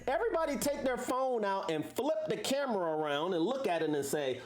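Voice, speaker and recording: A woman's voice: on the high side, big pitch swings, brisk, hardly any pauses, a little mellow, faint music behind. A woman hosting a casual livestream, talking to viewers in a preachy way full of rhetorical questions. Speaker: livestream host.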